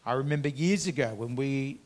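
An earnest pastor preaches with a mid-range voice at a fairly quick clip. He moves from booming, emphatic lines to hushed conversational remarks, lingering on key words.

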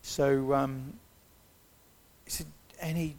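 A man's voice: mid-range voice, moderate pace, vocal fry. A man giving a personal testimony, retelling events conversationally and acting out the quotes.

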